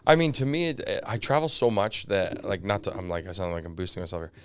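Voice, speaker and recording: A man's voice: low-pitched, fast, smooth, no room sound, clean studio sound. A Canadian man, a comedian and podcast guest, telling stories in a casual chat full of asides and fillers. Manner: animated storyteller, lots of fillers and asides.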